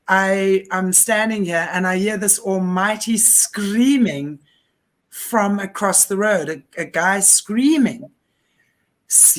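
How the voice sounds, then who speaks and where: A woman hosting a talk show, passionate and emphatic as she tells a story. Her voice sits at a middling pitch, and she stresses her points firmly. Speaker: host. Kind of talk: conversational interview.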